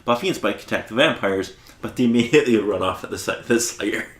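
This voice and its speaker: A man's voice: lowish voice, quick pace, roomy sound. A man co-hosting a podcast, recapping an episode in a casual way and laughing often. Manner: laughs often, animated plot summary.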